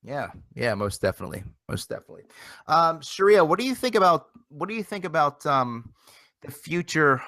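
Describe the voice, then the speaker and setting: A man's voice: a little high, fairly quick, no echo. Rambling male web-show host, dry sound. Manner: rambling, repeats phrases, energetic. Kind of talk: casual live internet show chat. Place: home near Philadelphia.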